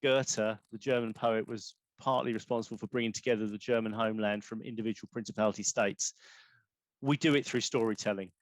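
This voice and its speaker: A man's voice: on the low side, steady tone, fairly quick, dry recording. A man, poet in residence, giving a rambling, self-correcting online talk on poetry forms over a video call.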